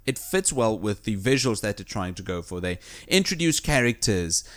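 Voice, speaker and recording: A man's voice: on the low side, moderate pace. A man co-hosting a video game podcast in casual, enthusiastic chat. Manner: enthusiastic, animated storytelling. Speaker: podcast co-host.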